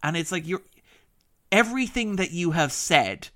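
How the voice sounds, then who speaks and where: Bright, excitable man talking TV. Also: a little high. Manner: fast, enthusiastic, laughs often. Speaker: podcast critic. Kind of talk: casual podcast discussion.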